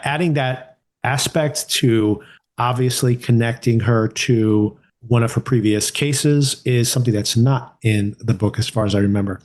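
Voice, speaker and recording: A man's voice: mid-range voice, darkish tone. Man casually reviewing a TV series. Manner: conversational, thinking aloud with restarts and rhetorical questions. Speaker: podcast co-host.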